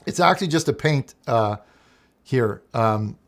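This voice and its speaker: Man, call-in host, rambling and hesitant, mid pitch. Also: animated, measured pace. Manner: rambling, hesitant, full of restarts. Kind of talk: comic call-in show.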